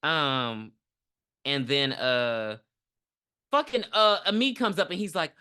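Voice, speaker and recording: A woman podcast co-host recapping a movie in a casual, profane, animated way, acting out lines as she goes. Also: deep voice, moderate pace, clear, resonant tone.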